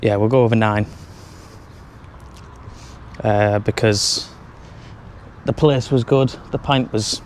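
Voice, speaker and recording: A travel vlogger chats casually on a handheld camera, reviewing pubs with dry jokes as he moves between pubs and streets, indoors and out. His lowish voice has fairly even intonation, and he speaks slowly with frequent pauses. Slight background noise is present.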